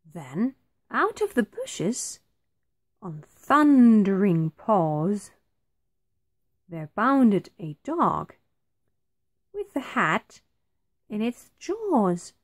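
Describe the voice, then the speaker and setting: A woman reading a rhyming picture book aloud to children, like a teacher. She takes it very slowly, line by line, with clear, careful phrasing. Her pitch rises and falls widely to bring the story alive. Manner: very slow, expressive, clearly phrased.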